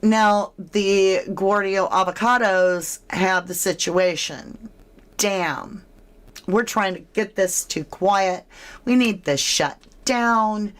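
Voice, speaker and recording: A woman's voice: medium pitch, slow pace. A woman giving casual, speculative true crime commentary, asking her listeners questions as she goes.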